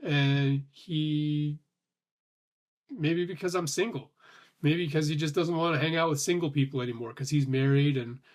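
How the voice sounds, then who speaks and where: A man rambles casually through his thoughts in a somewhat high voice, restarting sentences and swearing now and then. His breath sounds a little short. He keeps an easy, confessional flow. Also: normal speed. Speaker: vlogger. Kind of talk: casual thinking-aloud monologue.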